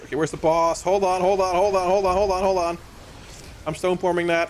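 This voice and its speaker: A man streaming a game live, talking casually to his viewers, excitable and stammering, often repeating himself. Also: sits high, fast, slight background noise.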